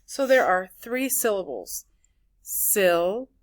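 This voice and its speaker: Woman teacher, high-ish voice, very slow and deliberate, breaking words into syllables. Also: animated. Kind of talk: classroom phonics lesson.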